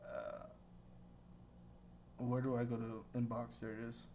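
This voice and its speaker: A man's voice: mid-range voice, level tone, a little slow, warm tone, slight background noise. A man co-hosting a casual podcast chat, rambling and joking with frequent laughter, talking into a computer mic. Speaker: podcast co-host. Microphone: computer mic with webcam.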